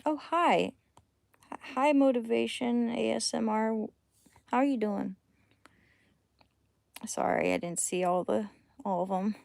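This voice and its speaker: A woman chatting casually on a late-night livestream at home, rambling between thoughts and often dropping to a hushed near-whisper. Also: on the high side, measured pace, creaky, long pauses, dry recording. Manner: rambling, drifting between thoughts while reading chat.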